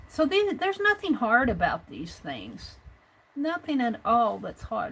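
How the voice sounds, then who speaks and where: A woman's voice: a little high, huge pitch swings, unhurried, a bit bright, husky, rough recording. A woman hosting a live drawing tutorial, chatting and thinking aloud as she narrates and counts each stroke. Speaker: art stream host.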